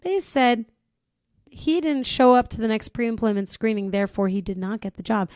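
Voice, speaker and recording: Smooth, dry-sounding podcast host woman. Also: a little high, lively intonation, moderate pace, darkish tone, no room sound. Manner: laughs and breaks off while reading listener stories. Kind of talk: casual storytelling podcast.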